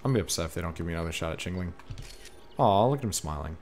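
Excitable low-voiced man talking to his game. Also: very fast. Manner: excitable, talks to the creatures on screen. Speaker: gaming streamer. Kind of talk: casual let's-play commentary. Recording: faint game music behind. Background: faint game music.

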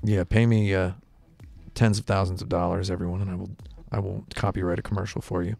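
Low gravelly deadpan man. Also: a little fast, dry recording. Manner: deadpan joking, rambling. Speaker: host. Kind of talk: casual deadpan interview. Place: small studio with music behind.

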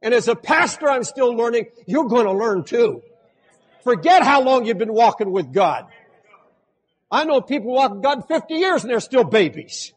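An older man preaching a sermon as pastor, swinging between loud impassioned outbursts and hushed pleading. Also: very high-pitched, sing-song, moderate pace, husky, big-room sound.

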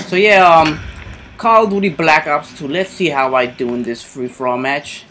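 A man giving casual commentary over his own online shooter match, excitable and swearing constantly, yelping when something sudden happens. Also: a little high, moderate pace, slight background noise. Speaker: gamer doing live commentary.

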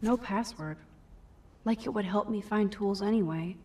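A woman voicing a thoughtful teenage girl in a video game, talking in a dry, quietly sarcastic inner monologue. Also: medium pitch, moderate pace, a little hiss or hum, close to an everyday voice. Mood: wry.

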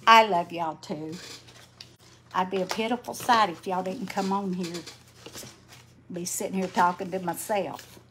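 A woman's voice: fairly low pitch, steady tone, unhurried, long pauses, fairly bright tone, slight background noise. An older woman chatting folksily on a livestream, greeting viewers by name and sounding tired. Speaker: livestream host. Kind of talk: casual livestream chat while crafting.

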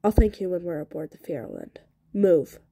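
Cold ruthless young gang boss man, curt and dismissive, a woman reading his lines, low mellow voice. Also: animated, normal speed, gravelly, breathy edge, dry recording, studio quality, full character voice.

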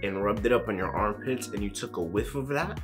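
A young man vlogs in a loose, slangy, joking way, with a fairly low voice. Music plays clearly under his talk throughout. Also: a little fast. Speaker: vlogger. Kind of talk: casual travel vlog.

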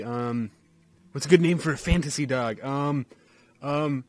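A let's play host gives goofy, rambling gameplay commentary full of ums. His mid-range voice is unhurried and a little mellow, recorded with no echo.

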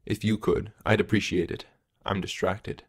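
A man voicing a weary, distracted male character who speaks in a quiet murmur, in an audiobook. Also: fairly even intonation, moderate pace, vocal fry, breathy edge. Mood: subdued. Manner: low, murmured, subdued.

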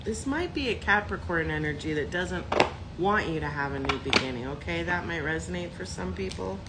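A woman's voice: lowish voice, animated, a little fast, heavy background noise. A woman doing a casual tarot reading to camera, blunt and profane, thinking aloud as she talks. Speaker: tarot reader.

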